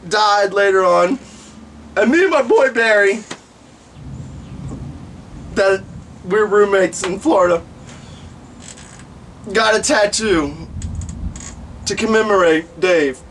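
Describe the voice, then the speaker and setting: A man with a high voice vlogs comic stories, swearing freely and acting out the people in them with profane, animated energy. He's recorded on a distant mic with slight background noise.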